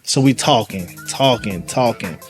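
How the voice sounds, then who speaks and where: A police sergeant described as "with a St." tells stories in easygoing street slang, his voice fairly low and unhurried. He's an animated storyteller, slipping in and out of the voices of people he met while keeping things conversational. Faint music plays under him throughout at a live event venue.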